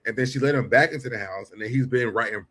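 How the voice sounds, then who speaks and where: A man's voice: mid-range voice, quick pace, fairly bright tone. A man co-hosting a casual reality show recap, joking and reenacting conversations.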